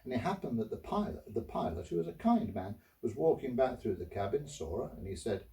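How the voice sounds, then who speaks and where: A man's voice: mid-range voice, very animated, fairly quick, creaky, mellow, far from the mic, low-quality recording. A man, a bishop giving a chatty storytelling homily, full of asides to the listener. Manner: conversational, restarts, asides to listener.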